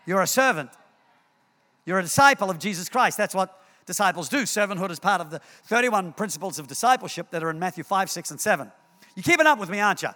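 Bright-voiced pastor man preaching. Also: high-pitched, quick pace. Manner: animated storytelling, repeats words, acts out scenes. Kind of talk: sermon. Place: church hall. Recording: long hall reverb.

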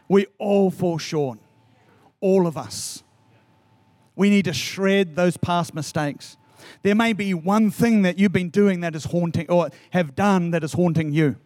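Earnest higher-voiced male pastor preaching. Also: darkish tone, no echo. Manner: earnest, urging, repeats key phrases. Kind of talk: sermon and closing prayer.

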